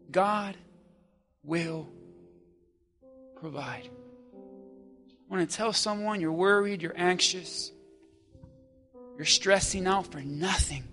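Male pastor, high and bright, dynamic sermon delivery with crowd call-and-response, soft music bed. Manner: energetic preaching, call-and-response with congregation, shifts from hushed to shouting.

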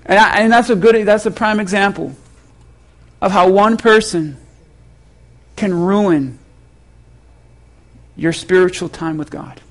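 A male pastor preaching a sermon in a lively, conversational storytelling way, poking fun at himself. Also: high voice, slow pace, long pauses, low-quality recording. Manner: animated, conversational, self-mocking.

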